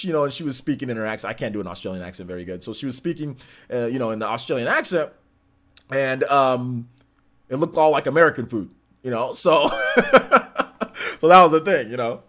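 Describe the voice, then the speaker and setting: Animated and fairly quick, this young Californian streamer has a medium-pitched, fairly bright voice. He chats in a rambling, filler-heavy way while reading the chat aloud.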